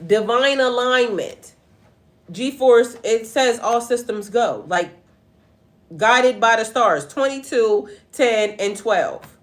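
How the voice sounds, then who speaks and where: Slow-paced yet animated, this fairly high-pitched middle-aged woman reads tarot on a casual livestream as a spiritual life coach. She chats straight to her audience and drifts into profane stories, laughing along.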